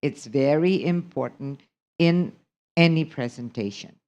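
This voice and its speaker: Slow, low-voiced woman teaching. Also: darkish tone, lo-fi sound. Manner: mixes Indonesian and English, repeats and models sentences aloud. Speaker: presentation skills instructor. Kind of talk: live online class lecture.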